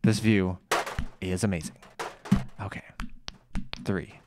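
A man giving let's play commentary, excitable, swearing and scolding himself out loud as he plays. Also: low-pitched, takes it slowly, background noise. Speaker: gamer playing a video game.

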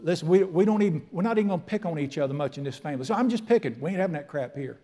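A man's voice: a little high, lively intonation, rapid-fire, dark tone. Folksy preacher man. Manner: folksy, emphatic preaching with Southern slang. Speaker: pastor. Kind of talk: sermon. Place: church sanctuary.

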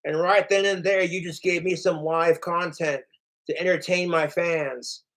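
High-voiced man ranting on a livestream. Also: fairly even intonation, a little slow, a bit bright. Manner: profane, boastful, acts out quoted lines. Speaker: livestream host. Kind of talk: casual livestream rant.

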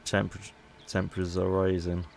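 A man's voice: deep voice, monotone, moderate pace, vocal fry, a little mellow, slight background noise. A man casually commentating gameplay as a YouTuber, chatty and playful. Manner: chatty, playful, haggling asides. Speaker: gaming YouTuber.

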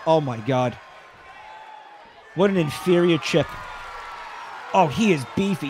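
A man doing excited play-by-play commentary on a wrestling match, rambling and swearing, bursting into yells. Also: a little high, slow pace, pauses often, a faint crowd, a little hiss or hum.

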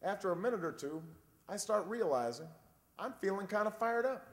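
A man in his forties giving a campaign speech, telling a dry, wry story and then building to a shouted rallying close. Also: high-pitched, animated, a little fast, a little hiss or hum. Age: 40s. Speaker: presidential candidate. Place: large convention hall. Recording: long reverb of a big convention hall.

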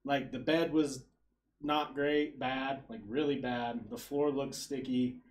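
A man's voice: medium pitch, steady tone, slow pace, a loud crowd. A young adult man on a podcast, telling a rambling, self-deprecating story to friends in casual chat and laughing through it. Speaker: podcast co-host.

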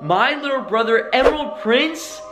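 A man's voice: extremely high pitch, expressive, normal speed, over music. A young man vlogging in a dramatic, exclaiming way, full of slang. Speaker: YouTube creator. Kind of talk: excitable reaction vlog.

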